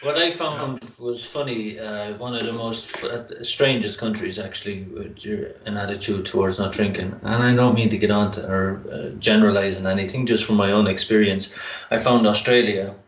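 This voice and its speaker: A man with an Irish accent co-hosting a podcast, making wry jokes and quick asides. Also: fairly low pitch, steady tone. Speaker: podcast co-host. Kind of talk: casual chat. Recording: roomy, distant, dull mic.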